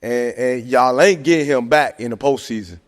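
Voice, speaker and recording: A man talking sports casually on a podcast, animated and joking, tossing in "man" and "hey, look" constantly. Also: mid-range voice, normal speed. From American South. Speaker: podcast host. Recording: long hall reverb.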